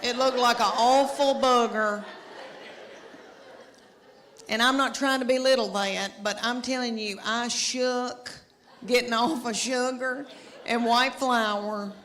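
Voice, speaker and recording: With a somewhat high, slightly bright voice, a middle-aged comedian shares stand-up stories before a live audience, self-mocking and chatty with folksy remarks to the crowd. There's slight background noise, and the stage recording carries long reverb.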